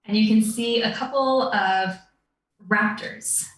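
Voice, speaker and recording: A woman's voice: medium pitch, slow, fairly bright tone. Roomy-sounding woman dungeon master. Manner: descriptive, meandering with fillers. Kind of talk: narrating a tabletop game. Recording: roomy, distant mic.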